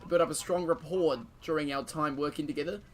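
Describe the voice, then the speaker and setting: A man's voice: a little high, fairly even intonation, fast talker. A man giving casual gameplay commentary, joking and swearing and reading game events aloud. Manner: casual, profane, joking banter with frequent laughter. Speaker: streamer.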